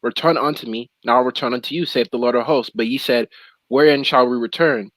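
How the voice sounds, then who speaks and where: A man's voice: mid-range voice, brisk, fairly bright tone, no room sound, rough recording. A young man in casual religious discussion who reads long scripture passages aloud in slangy everyday talk. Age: young adult. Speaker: co-host of religious talk show.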